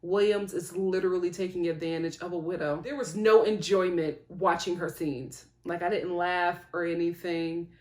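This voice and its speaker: A woman giving a casual, animated vlog review of a reality show, sympathetic and chatty. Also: on the low side, normal speed, hardly any pauses, reverberant.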